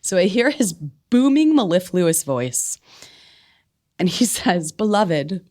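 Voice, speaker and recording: Woman, lowish voice, animated storyteller, frequent laughs, lots of "like" fillers. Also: slow. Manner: expressive, laughs often, many "like" fillers. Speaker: podcast guest, spiritual medium. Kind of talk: animated personal storytelling in conversation.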